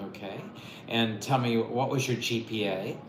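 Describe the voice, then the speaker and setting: A man's voice: medium pitch, normal speed. A man running a mock visa interview and coaching the applicant, encouraging and often repeating himself. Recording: echoey room with faint noise.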